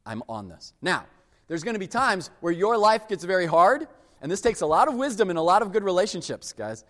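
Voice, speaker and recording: A man preaching a sermon, emphatic and animated, dropping suddenly to a hush for weight. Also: high voice, brisk, long reverb tail. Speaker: pastor.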